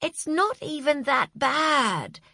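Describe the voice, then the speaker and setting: A woman's voice: high voice, animated, slow, sharp tone, no room sound, studio quality, pitched above the performer's own voice, exaggerated voice. A woman voicing a flustered, apologetic male literary agent who keeps scolding himself. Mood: pleading. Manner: fretful, self-reproaching.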